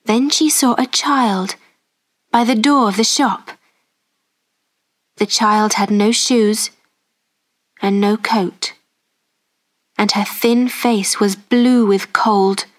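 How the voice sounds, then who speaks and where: Slow clear woman storyteller. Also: mid-range voice. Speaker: story narrator. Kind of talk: slow graded-reader narration.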